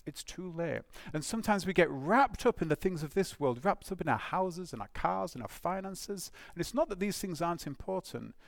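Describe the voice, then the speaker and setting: A man preaching a sermon, animated and emphatic, with rhetorical questions and restarts. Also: high voice, moderate pace, vocal fry, few pauses, no echo.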